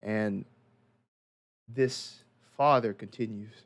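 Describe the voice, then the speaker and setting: A man narrating a tabletop horror game as game master, in steady descriptive storytelling. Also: medium pitch, slow pace.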